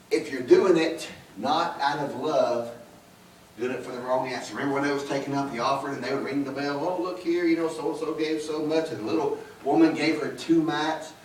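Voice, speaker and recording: Pastor preaching in an echoey church. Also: male voice, on the high side, moderate pace, a little hiss or hum. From Georgia, US. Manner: folksy, storytelling, quoting scripture. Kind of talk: sermon. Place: church sanctuary. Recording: echoey church room, mic at a distance.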